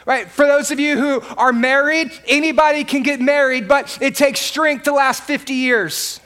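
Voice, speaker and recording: A middle-aged male pastor delivering an emphatic, repetitive sermon, rising to shouts at his peaks. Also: very high voice, steady tone, moderate pace.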